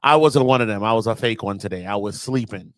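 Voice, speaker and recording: A man's voice: fairly low pitch, quick pace, no echo. A man with a Southern US accent hosting a casual football reaction, exasperated and slangy, repeating words for emphasis. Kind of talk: casual fan rant.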